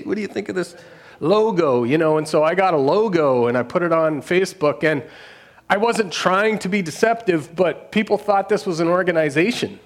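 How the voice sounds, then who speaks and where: A middle-aged man, a pastor telling his own story in an earnest, unscripted way, laughing often and restarting his sentences. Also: a little high. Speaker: pastor and street outreach worker. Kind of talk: personal testimony.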